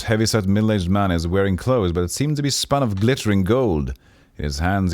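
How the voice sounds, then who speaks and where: A man streaming a role-playing game, narrating its text and commenting in a relaxed way. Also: on the low side, no echo. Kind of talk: reading a role-playing game aloud on a livestream.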